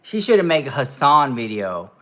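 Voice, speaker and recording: A man's voice: mid-range voice, big pitch swings, moderate pace, a bit bright. A man giving casual reaction commentary, interrupting a video to argue his point and talking straight to his viewers.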